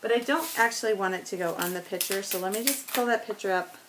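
A woman's voice: medium pitch, fast, background noise. A woman chatting casually as she works on a scrapbook layout, joking about herself and laughing often. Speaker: scrapbooking vlogger. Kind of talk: casual talk while crafting.

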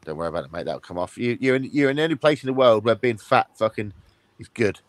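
A man hosting a casual live-stream chat, bantering roughly and swearing. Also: medium pitch, expressive, quick pace, dry recording. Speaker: streamer host.

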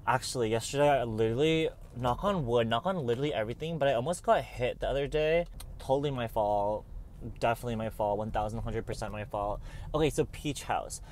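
A man's voice: medium pitch, brisk, a little mellow, a little hiss or hum. Chatty young man vlogging casually. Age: young adult. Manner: chatty, playful, calls viewers babe. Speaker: art student vlogger. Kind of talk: casual vlog narration.

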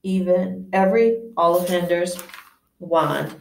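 A woman reading aloud and voicing an intense old male wandmaker, who talks in a measured, musing way with hesitant restarts. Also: fairly low pitch, vocal fry. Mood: brisk. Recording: echoey room, distant mic.

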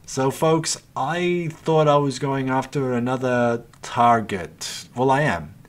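Speaking slowly at medium pitch, the channel host narrates his own gameplay as he goes. He grumbles and swears freely, addressing himself and his viewers, and sounds exasperated the whole time.

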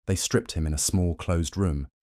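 A man narrating a short story as an audiobook, steady and even in his delivery. His voice sits very low, and the recording is close and dry with no room sound. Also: moderate pace, no echo. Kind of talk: scripted narration.

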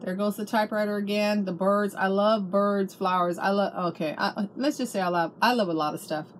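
A woman's voice: mid-range voice, steady tone, fairly quick, a little hiss or hum. A middle-aged woman chatting casually at home about a craft haul, gushing and restarting her sentences. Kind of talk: casual show-and-tell chat.

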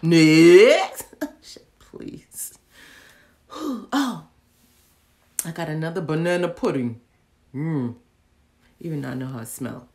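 Lively, playful woman vlogger. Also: low voice, takes it slowly, pauses often. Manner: playful, talks to herself, often drops to whispers. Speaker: vlogger reviewing candles. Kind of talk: casual haul video chat.

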